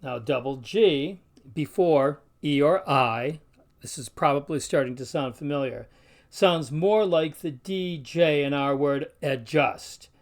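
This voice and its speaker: A man teaching pronunciation in an instructional video, speaking carefully and slowly sounding out example words. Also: a little high. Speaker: Latin teacher.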